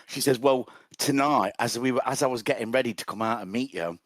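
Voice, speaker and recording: A young man with a mid-pitched voice. He tells a story with a dry, joking delivery and acts out what others said. The recording is close and dry, with no room sound. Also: brisk, no echo. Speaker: podcast co-host. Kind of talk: casual storytelling.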